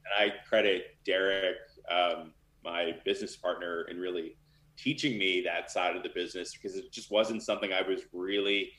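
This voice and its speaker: Low-voiced man in a roomy space. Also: fairly even intonation, normal speed, fairly bright tone. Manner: loose and candid, many fillers. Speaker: literary manager. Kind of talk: casual interview talk.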